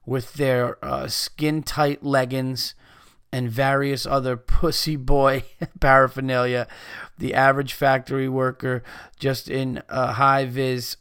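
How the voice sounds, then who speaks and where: Podcast host, male, exasperated profane rant, smooth clear voice, dry close mic. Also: mid-range voice, little pitch movement, takes it slowly, fairly bright tone, no echo. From United States. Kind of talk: casual ranting monologue.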